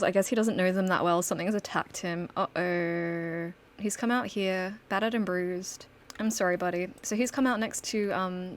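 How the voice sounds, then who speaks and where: Chatty woman narrating a game. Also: medium pitch. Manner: chatty, storytelling, laughs often. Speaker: gaming channel host. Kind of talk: casual gameplay commentary.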